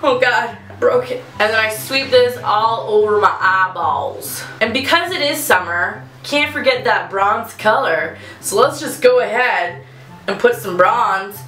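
A woman's voice: fairly high pitch, a little slow, bright, forceful tone, roomy sound, a little hiss or hum, rough recording. A young woman doing a casual makeup tutorial at home, chatting nervously and giggling, poking fun at herself. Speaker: beauty vlogger.

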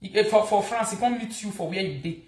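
A Nigerian woman hosting a gossip vlog, talking in a mocking, animated way and repeating words for emphasis. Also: medium pitch, brisk, reverberant. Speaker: gossip vlogger. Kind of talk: casual gossip commentary.

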